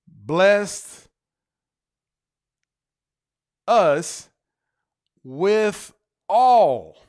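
A man preaching a sermon to his congregation, stretching key words for emphasis, spelling them out letter by letter and calling out to the church. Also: high voice. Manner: emphatic, drawn-out stresses on single words; calls out to the congregation.

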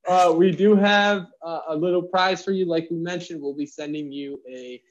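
A man's voice: a little high, steady tone, moderate pace. A young man co-hosting a casual podcast, explaining things with puns and laughing often. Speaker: podcast co-host. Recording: slightly dull lo-fi sound.

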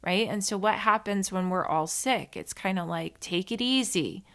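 A woman with a mid-range, slightly bright voice speaks at normal speed in a candid, chatty self-help monologue. She addresses the listener directly with frequent "right?" and "like," swears now and then, and drifts into side stories.

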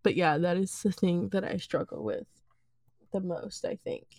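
A woman's voice: fairly low pitch, moderate pace, creaky, a little mellow, no echo, clean studio sound. A woman game master in a casual podcast chat, talking hesitantly with many fillers.

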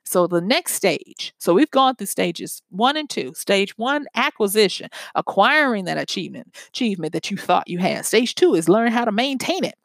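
A woman's voice: medium pitch, lively intonation, moderate pace, gravelly, few pauses, dry recording. A woman giving an earnest, conversational motivational talk built on everyday examples.

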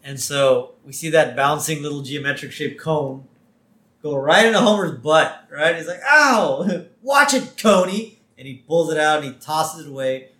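A man co-hosting a podcast in casual chat, retelling an episode in a relaxed way, laughing often and checking in with "right?". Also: a little high, normal speed. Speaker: podcast co-host. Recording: echoey room.

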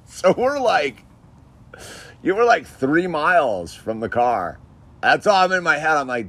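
A man's voice: on the high side, big pitch swings, normal speed, fairly bright tone. A man casually telling an anecdote, chatty, laughing often and full of filler words. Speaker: storyteller.

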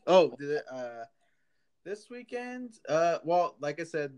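A man's voice: a little high, big pitch swings, slow, a little mellow, clean tone. A young man in casual chat, easygoing and slangy, with lots of likes.

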